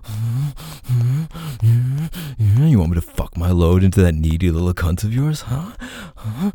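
A man speaking in an intimate audio role-play, low and murmuring, breathy with soft moans, close to the mic. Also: very animated, measured pace, no echo.

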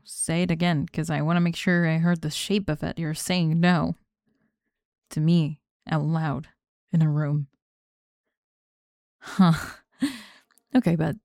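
A young woman acting a sharp-tongued, controlling student in a one-sided role-play monologue, sarcastic and exacting as she bosses her unheard partner. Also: deep voice, no room sound, clean studio sound. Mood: indignant. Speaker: student in a group project.

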